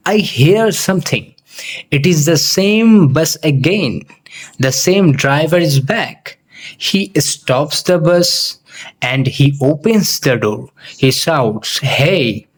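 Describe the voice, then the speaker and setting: Guy teaching english, reads a little story super slow, kinda husky voice, every phrase spaced out. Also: fairly high pitch, lively intonation. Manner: deliberate, carefully spaced phrasing. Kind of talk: slow storytelling narration for learners.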